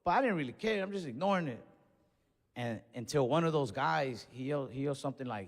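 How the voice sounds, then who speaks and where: A man doing stand-up comedy, telling a story in an animated way and acting out what people said. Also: medium pitch, fast talker, long reverb tail. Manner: animated storytelling with acted-out quotes.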